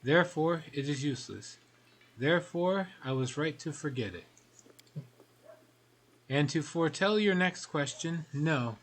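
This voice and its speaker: A man's voice: on the high side, lively intonation, a little slow, long pauses. Man reading as an aloof fox-spirit scholar lady. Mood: dry, aloof. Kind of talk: reading game dialogue aloud.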